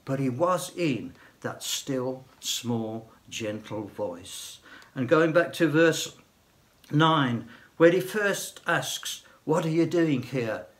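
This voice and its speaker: An older man preaches at an unhurried, deliberate pace, his voice sitting a little high for a man. He speaks gently and lets key phrases fall almost to a hush. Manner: slow, gentle delivery, softening to near hush on key phrases. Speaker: church elder preaching. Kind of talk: sermon.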